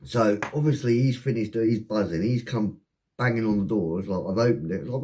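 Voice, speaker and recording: A man telling a rambling, heavily sworn personal anecdote in a casual, animated way. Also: fairly low pitch, fairly quick, a little hiss or hum. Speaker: storyteller.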